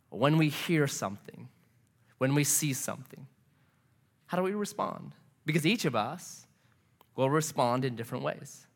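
A man preaching a sermon as a pastor, telling stories in an animated, conversational way. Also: medium pitch. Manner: animated storytelling, lively and conversational.

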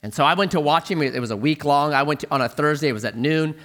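A middle-aged male pastor preaching a sermon, telling a humorous story in an animated way. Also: on the high side, fast talker.

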